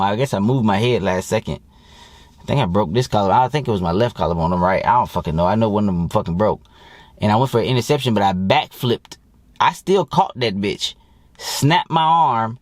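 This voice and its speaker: In a dry recording, a man with a fairly low voice speaks as a dating coach. His casual monologue to camera is blunt, rambling, and packed with profanity aimed at his viewers.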